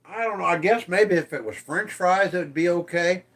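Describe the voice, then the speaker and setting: A man's voice: high voice, normal speed, fairly bright tone. A man hosting a casual livestream, reading viewer comments aloud and teasing them, swearing freely. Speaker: livestream host.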